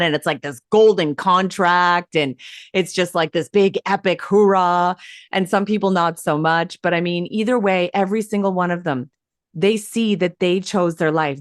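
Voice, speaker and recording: A woman guest telling her story in an interview, lively and emphatic, acting out quoted dialogue as she goes. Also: lowish voice, no echo, clean studio sound. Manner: animated, acts out quoted dialogue; emphatic and enthusiastic. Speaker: hypnosis coach and guest.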